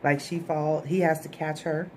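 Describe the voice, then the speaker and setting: A woman's voice: low voice, steady tone, moderate pace, slight background noise. A woman giving a casual, chatty recap of a TV episode to her viewers, often checking in with "okay?" asides. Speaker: TV show reviewer.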